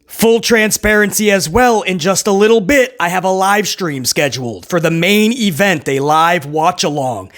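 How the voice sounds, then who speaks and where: A man's voice: sits high, a bit bright. A man hosting a casual solo wrestling review, hyped and slangy, talking straight to his viewers and laughing often.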